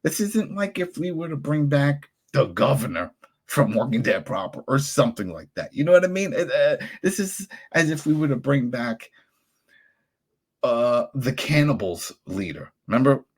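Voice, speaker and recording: A man hosting a podcast, ranting angrily and animatedly with sudden jumps in pitch. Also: sing-song, normal speed, slightly rough. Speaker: podcast host. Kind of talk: heated podcast rant.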